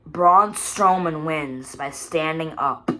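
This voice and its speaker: Low-voiced woman rambling through a recap. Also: takes it slowly. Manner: rambling, excitable recap full of "you know" and "like". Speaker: wrestling show reviewer. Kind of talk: casual video review.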